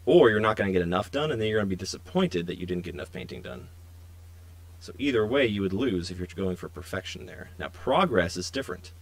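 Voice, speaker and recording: A young man with a lowish voice hosts a casual painting stream. He chats with viewers in a loose, friendly ramble as he works, recorded close and dry with no room sound. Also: fast, no room sound. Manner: relaxed, chatty, talks to viewers while working. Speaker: miniature painting stream host.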